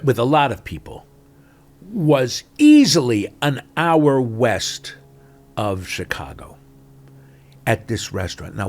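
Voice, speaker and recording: An older man with a low, gravelly, husky voice tells stories in a lively interview chat. He jumps between loud bursts and quiet mutters as he goes. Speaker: guest actor.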